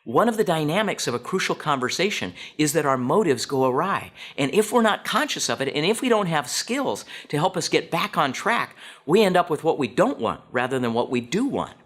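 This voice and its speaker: A man giving a storytelling talk to an audience, animated and asking listeners direct questions. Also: fairly high pitch, a little fast, hardly any pauses. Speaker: speaker.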